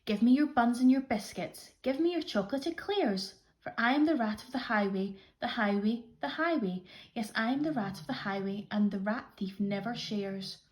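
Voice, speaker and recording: A woman voicing a greedy, boastful male rat highwayman in a children's story, chanting his demands. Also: expressive, moderate pace, natural voice. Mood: greedy boasting. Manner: blustering, demanding sing-song chant.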